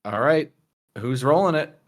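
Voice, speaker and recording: A man's voice: on the high side, lively intonation, a little slow. Man game master, hesitant and chatty. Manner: hesitant, explaining, many ums. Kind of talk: narrating a tabletop game.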